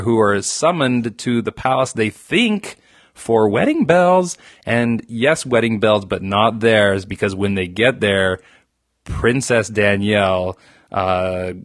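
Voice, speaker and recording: A man's voice: lowish voice, a bit bright, no room sound, clean studio sound. A man on a podcast, retelling a movie plot casually with hesitations.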